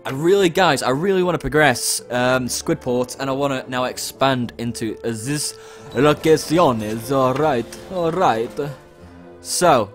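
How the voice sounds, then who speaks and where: A man's voice: mid-range voice, measured pace, faint music behind. A young man casually commenting on a game he plays, reading its lines aloud with playful outbursts. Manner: chatty, reads game dialogue aloud with playful exclamations. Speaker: let's play host.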